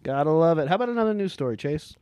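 Brief: male co-host, slightly high voice, profane quick banter, dry sound. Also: lively intonation, darkish tone, no echo, highs cut off. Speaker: podcast co-host. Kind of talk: casual comedic chat.

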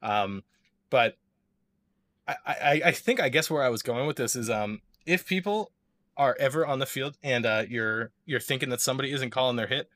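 Man host, casual rambling storyteller, bright tense voice, mid pitch. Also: animated, moderate pace. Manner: rambling, many fillers and restarts. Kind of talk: casual chat.

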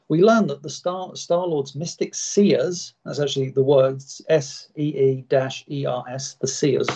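A man's voice: fairly high pitch, fairly even intonation, unhurried, hardly any pauses, dark tone, husky. A man casually chatting and reading an old script aloud, stumbling over words and laughing at his own slips. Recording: dull lo-fi sound.

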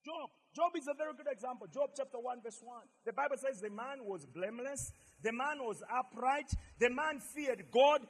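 A man preaching a sermon as pastor, emphatic and repetitive, swinging from shouts to quiet asides. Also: extremely high pitch, a little fast, few pauses, slightly rough, long reverb tail.

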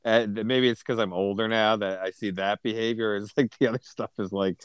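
A man's voice: lowish voice, steady tone, brisk, clean tone, dry recording. A man co-hosting a book podcast, chatting casually with a wry, dry sense of humor. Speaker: podcast co-host.

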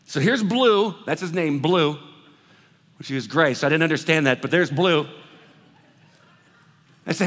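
A man preaching a sermon, telling a story with lively acted-out dialogue before moving into scripture. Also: on the high side, normal speed, pauses often. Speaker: pastor. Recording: reverberant hall sound.

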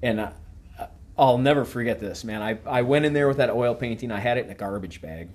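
A man's voice: mid-range voice, a little fast. A middle-aged man tells a long story on his podcast. His delivery is casual and full of swearing, and he acts out each person's lines as he goes. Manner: profane, animated storyteller who acts out quoted dialogue. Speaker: podcast host.

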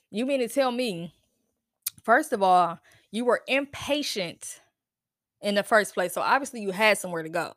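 This woman, a podcast host, rants on her own in a casual solo episode, blunt, full of profanity, and firing off disbelieving questions. She's expressive, speaks at normal speed, and takes long pauses, her pitch middling. The close mic is dry, with no room sound.

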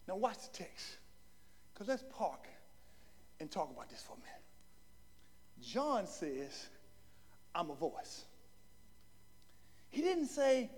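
A male preacher delivering a dramatic sermon with folksy phrasing, dropping to low murmurs and rising to shouted climaxes. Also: big pitch swings, slow pace, long pauses. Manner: folksy Southern US phrasing with "y'all" and "ain't". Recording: long hall reverb.

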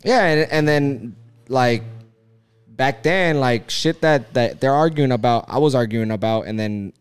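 A man's voice: medium pitch, unhurried, smooth. A young man chatting casually on a podcast, swearing and rambling with lots of filler words and restarts. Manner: rambling, profane, many filler likes and restarts. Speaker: podcast co-host. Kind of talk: casual chat.

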